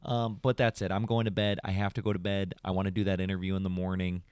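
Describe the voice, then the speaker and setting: Young man, podcast host, casual rambling chat, animated, dry close sound. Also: sits low, quick pace, clean tone, no room sound. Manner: rambling, animated storyteller, says "bro". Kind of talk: casual late-night stream chat.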